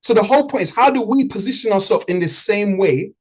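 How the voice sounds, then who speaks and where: A man coaching his trading community on a video call, talking in a punchy, motivational way. His voice is husky and slightly rough. His pitch leaps around animatedly as he drives each point home. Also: fast talker, rough recording. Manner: animated, punchy, repeats for emphasis.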